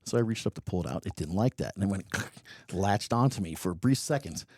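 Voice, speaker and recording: A man's voice: low voice, expressive, a little fast, darkish tone, no room sound, studio quality. A man chatting casually as a podcast guest, telling stories with many ums and a joking manner. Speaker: reptile expo guest.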